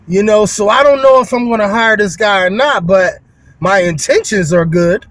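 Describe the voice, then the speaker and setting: A man who owns a window cleaning business talks at a moderate pace in a high, slightly bright voice, recorded dry. His casual, folksy vlog monologue rambles along with plenty of fillers and restarts, and he addresses viewers as "y'all."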